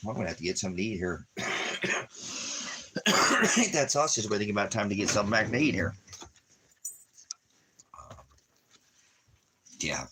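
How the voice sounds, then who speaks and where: Low-voiced man rambling on a livestream. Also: animated, unhurried, pauses often, a bit bright, a little hiss or hum. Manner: talks to his dogs in a doting, repetitive way. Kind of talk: casual rambling livestream chat. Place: at home indoors.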